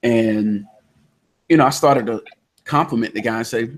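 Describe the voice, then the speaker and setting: Over an online call from indoors while a thunderstorm rages, a Southern-accented podcast host keeps a casual discussion going. His mid-range voice moves at a moderate pace, and he spins an animated story, loudly acting out what each person said.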